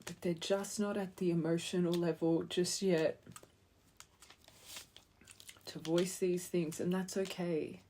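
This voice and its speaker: A woman's voice: fairly low pitch, level tone, slow, long pauses, warm tone, a little hiss or hum. A woman giving an earnest, heartfelt tarot reading, speaking straight to the viewer and rambling with fillers. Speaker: tarot reader. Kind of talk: intuitive tarot reading to camera.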